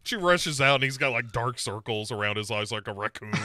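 This podcast co-host recaps a horror series in casual talk, bringing it to life by acting out characters' lines. His voice is mid-range at normal speed, captured at studio quality with no echo.

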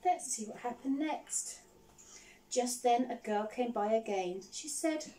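A woman teacher reading a picture book aloud to children, animated and often stopping to ask them questions. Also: on the high side, moderate pace, distant mic, slight background noise, low-quality recording. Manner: animated, asks the listeners questions.

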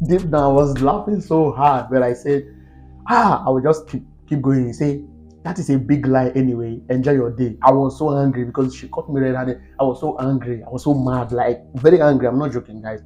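A Nigerian man tells a storytime to his viewers with lots of animated, exasperated outbursts. His tone is mellow and fairly dark. Soft background music plays faintly under his voice. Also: brisk. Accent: Nigerian English. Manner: animated and exasperated, pitch jumping up on exclamations. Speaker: vlogger. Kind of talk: storytime monologue to camera.

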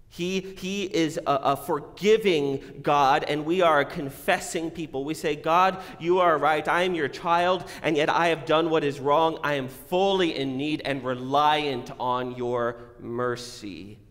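A man gives a Sunday sermon, his fairly high voice carrying a long echo through a church sanctuary. He is earnest, rising to emphatic statements of faith and then softening into quiet, searching asides. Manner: earnest, rises to emphatic declarations then drops to quiet reflection. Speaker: pastor. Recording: long reverb of a church hall.

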